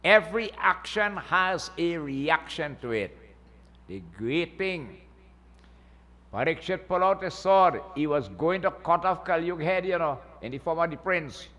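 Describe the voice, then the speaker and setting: A man's voice: a little high, expressive, measured pace, bright, forceful tone. A man, a pundit, gives a folksy Hindu sermon and keeps checking in with listeners by asking "eh?". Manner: folksy, asks the crowd "eh?" often. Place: Hindu temple hall. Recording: long temple hall reverb.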